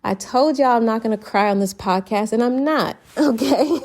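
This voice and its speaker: A woman's voice: a little high, moderate pace, a little mellow. A woman hosting her own solo podcast, speaking earnestly and gratefully, laughing between sentences and a little choked up. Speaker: podcast host. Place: lives abroad, based in Barcelona.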